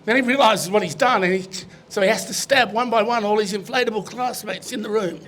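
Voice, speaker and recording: A man with a fairly high voice tells a long joke on stage, rambling a little and restarting as he goes. His telling is casual and chatty. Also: a little fast, fairly bright tone, a little hiss or hum. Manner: loose storytelling with restarts. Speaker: guest comedian.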